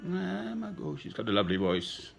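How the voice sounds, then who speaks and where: A man in his sixties talking in a slow, sentimental, rambling personal monologue with chuckles. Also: on the high side, wildly swooping pitch, vocal fry, faint music behind. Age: 60s. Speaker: speaker addressing a woman.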